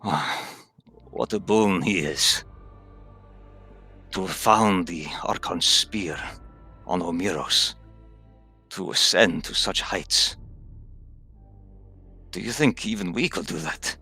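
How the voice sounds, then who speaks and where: An eager young rookie soldier, sheepish and wistful, with a low, gravelly timbre and a bright, forceful tone, played by a man. He asks hopeful questions in a wondering voice, for a tabletop role-play. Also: slow pace, pauses often, soft background music, full character voice.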